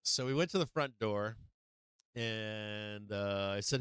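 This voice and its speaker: A man's voice: fairly low pitch, slow, a bit bright, smooth, dry recording. A man hosting a live stream, telling a casual anecdote in a rambling way, full of fillers, swearing and laughs. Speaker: host of a stock market live stream.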